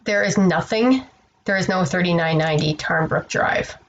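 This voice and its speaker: A woman's voice: on the low side, moderate pace, highs cut off, slight background noise. A woman telling a story to camera in a casual vlog. She sounds tired and exasperated, rambles, and swears freely. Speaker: online seller vlogger.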